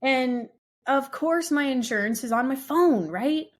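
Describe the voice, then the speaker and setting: A woman's voice: high-pitched, expressive, unhurried. A woman co-hosting a podcast, telling a long story in casual chat. She laughs often and rambles with lots of "like" fillers. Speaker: podcast co-host.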